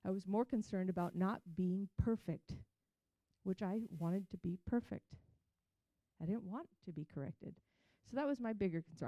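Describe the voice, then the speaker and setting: A woman's voice: mid-range voice, moderate pace, warm tone, dry recording, low-quality recording. A woman sharing a candid personal testimony, telling her story with frequent restarts and acting out the quotes.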